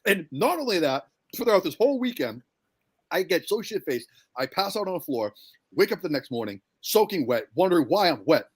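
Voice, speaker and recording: A man's voice: high voice, very animated, a little fast, husky. Profane young man telling a party story. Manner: profane, rambling anecdote telling. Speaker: podcast co-host. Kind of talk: casual storytelling chat.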